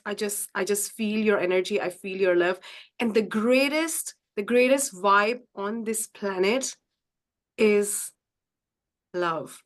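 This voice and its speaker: A woman's voice: mid-range voice, slow pace. A woman leading a live-streamed coaching session, speaking effusively and repeating phrases for emphasis. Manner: addresses the audience directly as guys. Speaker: mindset coach hosting a live group session.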